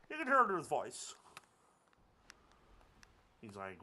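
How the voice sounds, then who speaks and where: A man's voice: medium pitch, wildly swooping pitch, fairly quick, long pauses, pushed and bright. A young man giving casual commentary over his gameplay, joking, rambling and cursing at the game. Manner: jokey, rambling, swears at the game. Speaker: gaming video creator.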